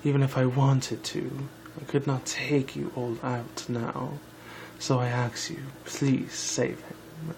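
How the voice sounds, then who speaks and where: A man's voice: mid-range voice, level tone, slow, creaky, darkish tone, a little hiss or hum, poor audio. A man voicing a weary proud changeling queen. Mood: pleading.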